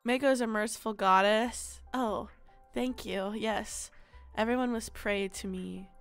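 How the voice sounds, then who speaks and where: A woman streaming a game, chatting casually with viewers, giggling often and breaking into loud, excited outbursts. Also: mid-range voice, unhurried, clean tone, no echo, faint music behind. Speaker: VTuber streamer. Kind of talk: casual chat while gaming.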